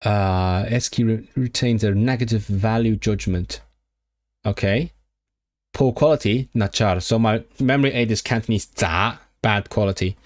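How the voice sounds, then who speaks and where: On a relaxed livestream, a man studies a language by himself, musing aloud and saying foreign words over and over for practice. His voice is fairly low and his pace moderate.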